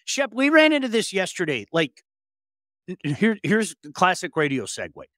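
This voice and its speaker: Middle-aged male co-host, animated and joking, lively pitch, dry close mic. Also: moderate pace, no room sound. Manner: animated, joking, frequent restarts. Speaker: co-host of sports talk show. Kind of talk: casual sports radio chat.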